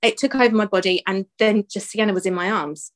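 Calm woman recounting a personal story. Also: medium pitch, brisk. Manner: calm, reflective, laughs often, repeats words while recalling. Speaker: guest telling her birth story. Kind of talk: casual storytelling interview.

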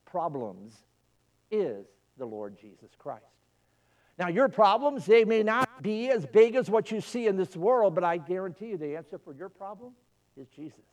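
A fervent male pastor preaches in a church, his fairly high voice rising and falling dramatically. He is caught from some distance, so the sound feels a little far off. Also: darkish tone. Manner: storytelling, fervent. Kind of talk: sermon.

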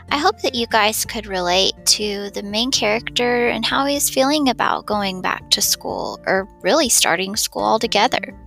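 Gravelly, bright-voiced woman reading aloud. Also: on the high side. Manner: warm, encouraging. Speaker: school staff member reading to students. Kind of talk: reading a children's novel aloud.

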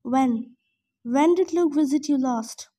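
A woman's voice: high-pitched, takes it slowly, dark tone. A woman reading the lines of an intense teenage boy who speaks urgently and pressingly.

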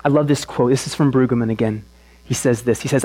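A man's voice: mid-range voice, a little fast, a little mellow, no echo. A man giving a sermon as pastor, in a casual, emphatic style with slangy asides.

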